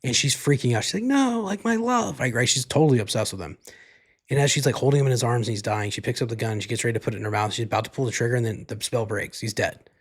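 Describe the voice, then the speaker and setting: A man's voice: medium pitch, fairly even intonation, very fast, husky. A man hosting a solo podcast, rambling casually through a movie recap and swearing freely. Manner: laid-back, rambling, leans heavily on "like" and swears freely. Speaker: podcast host.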